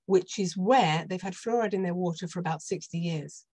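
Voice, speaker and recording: A middle-aged British woman, a doctor, explaining health topics as a podcast guest in a steady, informative way with touches of dry sarcasm. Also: lowish voice, moderate pace, slightly rough. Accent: British English. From United Kingdom. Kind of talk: podcast interview.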